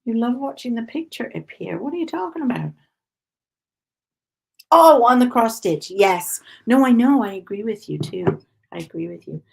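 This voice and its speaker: A woman hosts a relaxed cross-stitch livestream from home, talking freely and laughing often. Her voice has a gravelly, fry-touched edge. She greets viewers by name as she stitches. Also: fairly high pitch, normal speed. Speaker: crafting livestream host. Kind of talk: casual chat while cross-stitching.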